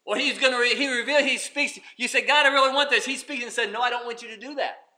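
A man preaching a sermon, swinging from loud emphatic lines to hushed, almost whispered ones. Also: very high-pitched, quick pace. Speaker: pastor.

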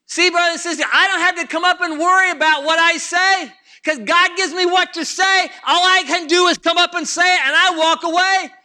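A male preacher with a very high, piercing voice delivers a fervent sermon. He talks straight to the congregation and circles back over his points again and again. His tone stays tense and sharp throughout. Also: steady tone, a little fast, hardly any pauses.

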